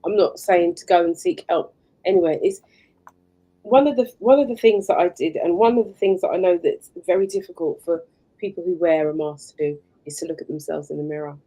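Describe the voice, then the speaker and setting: A woman speaking as a podcast guest, answering in a measured, reflective way. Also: fairly low pitch, mellow, poor audio. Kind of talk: interview answer.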